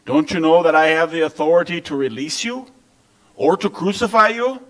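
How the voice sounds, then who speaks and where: Brief: man reading a troubled Roman governor in a church scripture reading, lines lifted higher on each question. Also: moderate pace, lightly acted, low-quality recording. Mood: pleading. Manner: expressive reading, rising pitch on questions. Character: weary male Roman governor questioning a prisoner.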